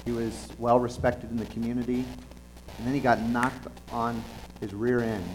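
Brief: male preacher, mid-range voice, earnest and halting delivery, faint noise behind. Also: mid-range voice, flat delivery, rough recording. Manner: earnest, halting, with frequent restarts and fillers. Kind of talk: conversational sermon.

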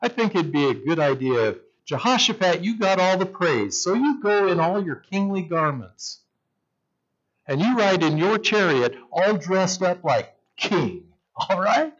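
Guy doing a slick sneaky king, talks him up all friendly, bit higher voice, kinda muffled sound. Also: sing-song, measured pace, fairly bright tone, heavily acted. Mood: coaxing. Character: sly scheming male king, crafty and smooth.

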